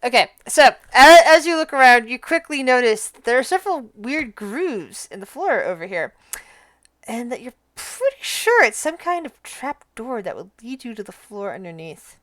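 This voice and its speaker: A woman acting as game master, narrating a tabletop game in a calm, matter-of-fact way on a close mic. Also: on the high side, moderate pace, no echo.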